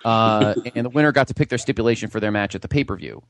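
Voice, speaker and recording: A man's voice: lowish voice, fast, creaky. A man hosting a comedy podcast, reading out wrestling history with dry sarcastic asides. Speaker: podcast host.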